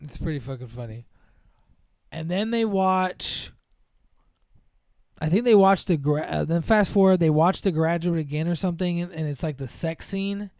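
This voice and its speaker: Guy rambling thru a movie recap, fairly high voice, super clean dry sound. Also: moderate pace, darkish tone, no echo. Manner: rambling, lots of "like", acts out characters' lines in put-on voices. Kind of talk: casual chat recapping a film.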